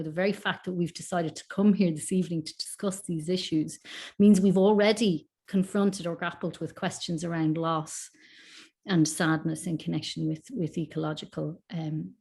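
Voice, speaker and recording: A woman hosting an online discussion group, her voice sitting a little low. She speaks in a measured, reflective way, picking her words with care as she thinks aloud over a video call. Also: a little mellow. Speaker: session facilitator.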